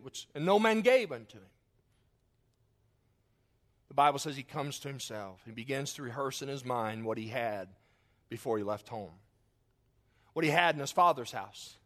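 A middle-aged man preaching a sermon as pastor, telling stories in an animated, self-mocking way and laughing often. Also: medium pitch.

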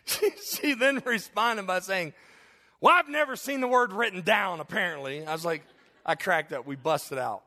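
A man's voice: sits high, normal speed. A man preaching, telling funny stories from the pulpit and laughing often at himself. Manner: laughs often at his own stories, animated. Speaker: pastor. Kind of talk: humorous sermon storytelling.

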